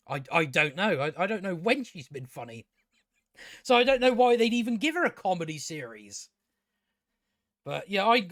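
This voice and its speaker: A man's voice: high voice, a bit bright, no room sound, studio quality. A man reviewing a TV show in a casual rant, blunt, scornful and full of swearing.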